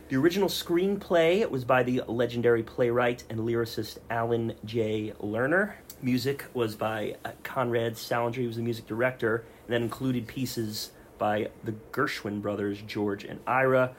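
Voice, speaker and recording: A man's voice: mid-range voice, a little hiss or hum. A man hosting a casual podcast, reading off film facts and joking with his co-hosts. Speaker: podcast host.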